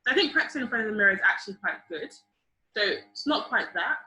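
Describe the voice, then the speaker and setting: A woman's voice: mid-range voice, quick pace. Encouraging young woman teaching on a video call. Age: young adult. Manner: lively, encouraging, asks the group questions. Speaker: public speaking workshop leader. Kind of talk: online seminar teaching. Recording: roomy video call audio.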